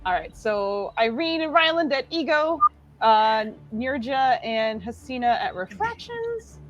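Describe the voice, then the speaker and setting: Gal running a home dnd stream, kinda high voice, bouncy, lots of ums and laughs. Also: female voice, sing-song, a little slow, muffled recording. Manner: chatty, full of fillers and laughter. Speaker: dungeon master. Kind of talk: narrating a tabletop game.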